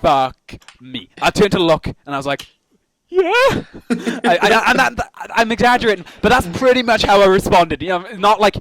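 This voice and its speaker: A young man co-hosting a podcast, telling stories in casual chat. His voice sits high and swings widely as he acts out the people in his stories. He swears freely and talks loosely. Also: animated, normal speed, a bit bright, no room sound. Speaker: podcast co-host.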